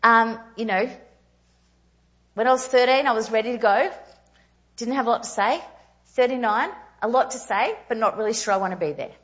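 Female preacher, 30s, higher register, animated, self-mocking storyteller; lo-fi recording. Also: normal speed, long pauses. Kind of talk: storytelling sermon.

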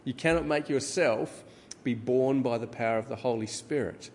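A middle-aged man preaching a sermon, teaching in a measured way with frequent ums. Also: mid-range voice, a little mellow, slight background noise. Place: church hall. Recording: reverberant hall with faint ambience.

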